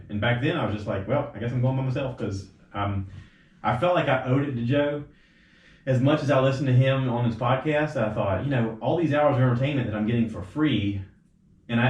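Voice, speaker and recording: Rambling man telling stories, roomy sound. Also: lowish voice. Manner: rambling storyteller, quotes others with animated voice jumps. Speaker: podcast host. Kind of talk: casual chat. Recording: roomy, slightly dull home recording.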